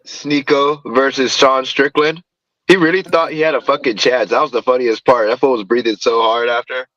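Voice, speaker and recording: A man's voice: medium pitch, fairly even intonation, normal speed, a bit bright, no echo. A man joining a live stream panel by call, talking in a laid-back, profane drawl. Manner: laid-back, drawling, says bro and you know. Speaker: panel guest. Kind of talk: casual profane chat. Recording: dull lo-fi call audio, faint noise.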